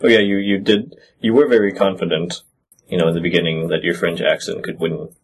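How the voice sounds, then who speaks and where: A man's voice: low-pitched, flat delivery, a little fast, a little hiss or hum. A man from the United States chatting casually on a podcast, teasing his cohost in a dry way. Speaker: podcast co-host. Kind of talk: casual chat.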